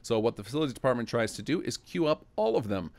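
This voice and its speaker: A man's voice: mid-range voice, very animated, quick pace, darkish tone. A man who develops a game mod walks through its new features in a casual, explanatory screen-recorded tutorial, thinking aloud as he clicks through menus.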